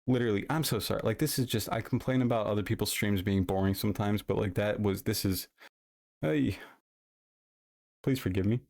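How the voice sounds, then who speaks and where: A man's voice: lowish voice, brisk, gravelly, a little mellow. A man streaming live in casual chat, rambling and swearing freely into his desk microphone. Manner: rambling and heavily profane.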